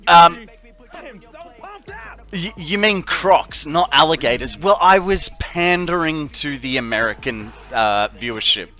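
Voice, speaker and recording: A man's voice: on the high side, lively intonation, takes it slowly, sharp tone, soft background music. An Australian man chatting casually to viewers on a live game stream, jokey and rambling with many fillers.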